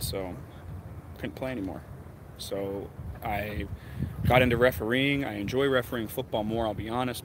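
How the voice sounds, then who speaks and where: A man chatting casually on a live stream from outdoors, telling rambling stories as a vlogger and basketball referee. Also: fairly low pitch. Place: outdoors, windy. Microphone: phone on a mobile connection. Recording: choppy phone stream with loud wind and traffic. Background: wind and passing traffic.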